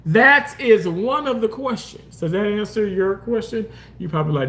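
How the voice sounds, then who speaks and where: A man's voice: moderate pace, few pauses. A man hosting a casual livestream, reading comments and talking loosely, swearing often and jumping into exaggerated mock voices. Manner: animated, swearing, swings into high mock voices. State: homeless, says so. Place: outdoors park.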